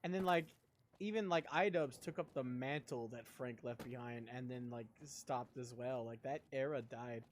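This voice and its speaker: A man's voice: medium pitch, moderate pace, a little hiss or hum. A young man live-streaming, chatting casually in a rambling, profane way and laughing a lot. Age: young adult.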